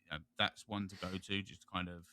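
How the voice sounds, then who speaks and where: A man's voice: deep voice, little pitch movement, a little fast, pushed and bright, no room sound. A British man hosting a gaming podcast, chatting casually in a rambling, jokey way. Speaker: podcast host. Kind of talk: casual chat.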